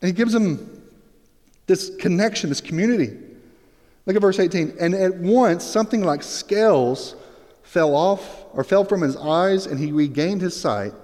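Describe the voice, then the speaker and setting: A man preaching a sermon as pastor, telling the scene with lively, acted-out storytelling. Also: high-pitched, moderate pace. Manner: animated storytelling, acts out Bible scenes. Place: church sanctuary. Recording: long reverb of a hall.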